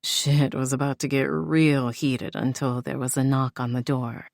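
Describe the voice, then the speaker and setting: A woman's voice: extremely low pitch, flat delivery, unhurried, creaky, few pauses, darkish tone, no echo, clean studio sound. A woman narrating a first-person romance audiobook in an intimate, heartfelt way.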